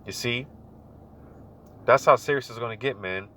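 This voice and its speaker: A man's voice: mid-range voice, normal speed, sharp tone, a little hiss or hum. A man giving casual, slangy religious commentary, repeating his warnings with a chuckle now and then. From United States. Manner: slangy, repetitive, preachy, chuckling.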